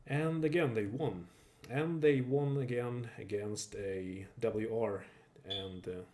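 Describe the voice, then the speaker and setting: A man whose first language is not English commentating a live stream match, halting and correcting himself as he goes. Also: on the low side, fairly even intonation, a little mellow. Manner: halting, self-correcting, with fillers.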